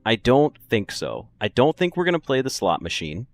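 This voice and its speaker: A man's voice: medium pitch, very animated, moderate pace, no echo. A man streaming a puzzle game, chatting casually and joking with his viewers. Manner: joking, chatty, laughs often. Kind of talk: casual gaming commentary.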